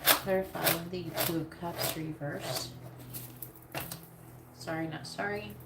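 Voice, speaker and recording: A woman's voice: lowish voice, steady tone, slow pace, vocal fry. A woman giving a live tarot reading in a casual, blunt way, swearing freely. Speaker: tarot reader. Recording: echoey room with noise.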